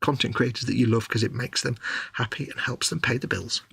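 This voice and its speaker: A man's voice: medium pitch, steady tone, a little fast, vocal fry, fairly bright tone, breathy edge. A man co-hosting a casual live stream chat, teasing and jokey, wandering off on silly tangents. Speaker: co-host.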